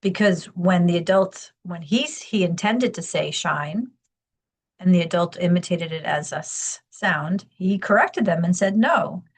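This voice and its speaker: A woman's voice: fairly low pitch, a little slow, slightly rough. A woman giving a recorded lecture over slides, explaining step by step and often checking in with "okay?" and "right?". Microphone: screen recording on a computer mic.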